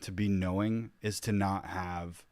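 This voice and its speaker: A man's voice: sits low, fairly even intonation, unhurried, darkish tone, dry recording. A man giving casual reaction commentary, rambling and restarting his sentences as he thinks aloud. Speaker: YouTube commentator.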